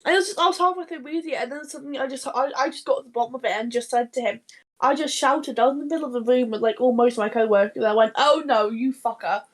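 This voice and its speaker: A woman co-hosting a casual podcast, her voice pitched a bit higher than most. She rambles through anecdotes full of false starts and laughter, and she swears freely. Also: racing. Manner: rambling, laughing anecdote-telling with many restarts. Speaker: podcast co-host. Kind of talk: casual chat.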